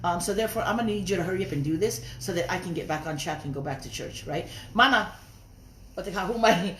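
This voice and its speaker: Young woman, heated live-stream rant, rapid and lively, roomy echo. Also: lowish voice, slight background noise. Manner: confrontational, mixing Tongan and English. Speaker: livestreamer.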